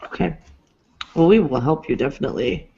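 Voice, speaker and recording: A woman's voice: low voice, a little fast, gravelly, mellow, dull audio, slight background noise. Bubbly woman co-hosting a chat. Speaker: podcast co-host. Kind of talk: casual chat.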